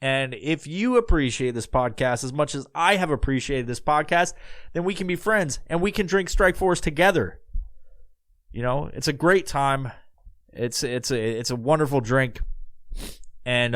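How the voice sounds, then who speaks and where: A man's voice: mid-range voice, lively intonation, normal speed, fairly bright tone, no room sound. A man in his thirties hosting his own podcast, talking casually and rambling with lots of swearing and filler words. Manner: rambling, profane, heavy fillers. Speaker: podcast host. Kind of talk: casual solo podcast outro.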